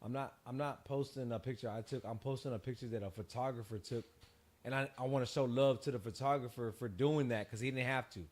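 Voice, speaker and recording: A man's voice: mid-range voice, quick pace. A man chatting casually on a podcast, telling stories and acting out what others said. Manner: animated, acts out others' quotes. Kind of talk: casual storytelling chat.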